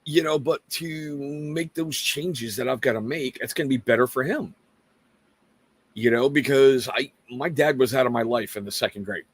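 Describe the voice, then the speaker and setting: A man's voice: mid-range voice, normal speed, slightly rough, dry recording. A middle-aged man from Washington State hosting a casual live talk show, speaking earnestly to viewers with rambling, self-mocking asides. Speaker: livestream host.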